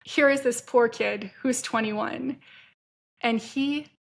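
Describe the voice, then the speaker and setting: A woman's voice: a little high, slow pace, creaky. A middle-aged woman telling a candid personal story to camera as an entrepreneur, frank and chatty. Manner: frank, chatty, self-deprecating with bursts of laughter.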